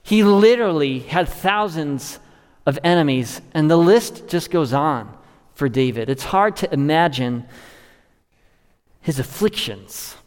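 Earnest preacher in an echoing hall. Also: male voice, lively intonation, a little slow, darkish tone, clean tone. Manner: earnest, rising to stress and dropping low to close a thought. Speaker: pastor. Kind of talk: expository sermon.

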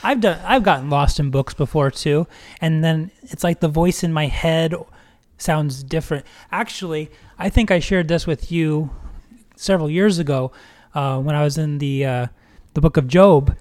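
A man speaks in a casual podcast conversation, his voice sitting a little higher than most men's. He talks earnestly and reflectively, building his points step by step. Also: normal speed, a little mellow. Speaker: podcast co-host.

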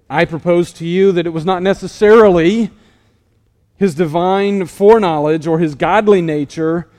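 Man, preacher, sermon, high voice, long hall echo, swells then falls quiet.

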